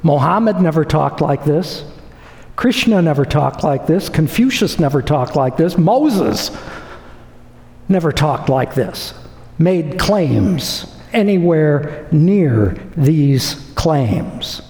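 A man's voice: on the high side, lively intonation, slow pace, darkish tone. A man preaching a sermon, emphatic and repeating phrases for effect. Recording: echoey hall with long reverb.

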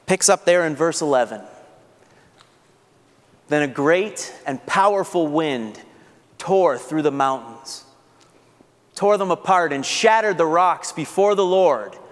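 A man's voice: on the high side, lively intonation, slow, long pauses. Earnest male preacher in a reverberant hall. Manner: earnest, rising to fervent rhetorical questions. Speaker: pastor. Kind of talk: sermon.

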